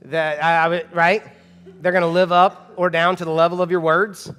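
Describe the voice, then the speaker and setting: A man's voice: high-pitched, fairly even intonation, normal speed, a bit bright, clean tone, big-room sound, soft background music. A man in his thirties preaching a sermon as pastor, emphatic and conversational, with frequent rhetorical questions to the congregation. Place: church auditorium.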